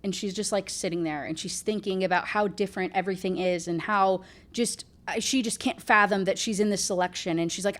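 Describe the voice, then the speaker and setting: A woman's voice: mid-range voice, brisk, hardly any pauses. A woman recapping a novel in a casual, rambling chat with sarcastic asides, saying "like" a lot. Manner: chatty, rambling, full of "like". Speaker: book reviewer.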